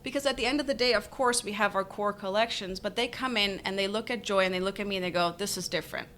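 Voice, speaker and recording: A woman from Denmark, co-founder of a jewelry brand, telling lively stories in an interview, laughing often and acting out quoted voices. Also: medium pitch, fast talker, slight background noise. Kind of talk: conversational interview.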